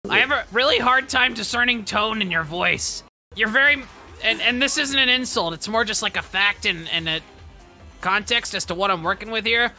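A woman's voice: a little high, normal speed, pushed and bright, faint music behind. A woman voicing a cocky, touchy young male hawk racer in comedic, profane banter during a game playthrough. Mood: whiny, defensive. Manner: defensive, rambling, profane banter. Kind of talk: comedic let's play voice.

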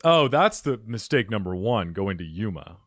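A male comedy podcast host with a somewhat low voice that swoops up and down with lively energy. He rambles through silly, joking asides in a bone-dry, close recording. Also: normal speed, no echo.

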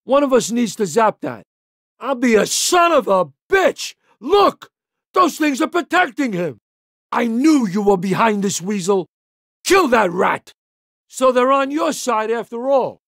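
An actor playing a tough, profane male mobster convict in a video game, talking with gruff swagger. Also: very high-pitched, big pitch swings, measured pace, fairly bright tone, dry recording, clean studio sound, full character voice. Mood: brash. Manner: gruff, swaggering, swears constantly.

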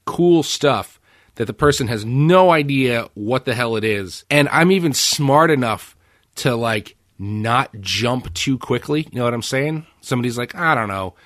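A man hosting a podcast, chatting casually and telling animated stories with swearing and acted-out quotes. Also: medium pitch, measured pace, no echo, studio quality. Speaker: podcast host. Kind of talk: casual chat.

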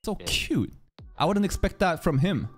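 An anime reaction channel host giving casual, excitable commentary, swearing often and laughing a lot. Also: medium pitch, measured pace, faint music behind.

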